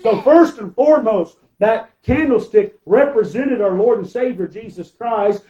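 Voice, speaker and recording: A man's voice: sits high, a little slow, hardly any pauses, warm tone, muffled recording. A male pastor preaching a sermon, emphatic, asking rhetorical questions and calling for amens from the congregation.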